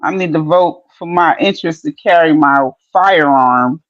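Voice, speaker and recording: A woman from New York chatting casually on a podcast, with slow, drawn-out, playful banter. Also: sits low, no echo, dull audio.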